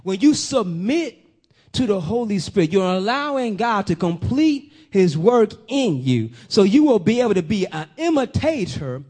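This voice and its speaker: A man with a high, light voice preaches a sermon. He questions his listeners directly, swells to loud, emphatic peaks and then sinks back to a low, quiet delivery. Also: sing-song, moderate pace, husky. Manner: talks straight to the congregation with questions.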